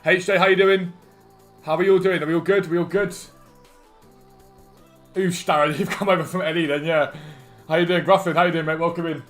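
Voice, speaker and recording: A man's voice: a little high, fairly even intonation, fairly quick, pauses often, a bit bright, faint music behind. A man chatting live on a game stream, upbeat and greeting viewers one by one. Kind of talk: live stream chat over gameplay.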